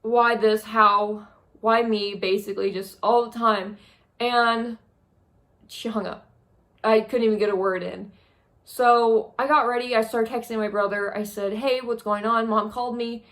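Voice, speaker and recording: A young woman vlogger records a tearful monthly review vlog from a small spare room, her high, slightly bright voice wavering as she fights back tears. She sounds drained and numb, with fairly even intonation. Her delivery is halting and heavy as she stops and starts again.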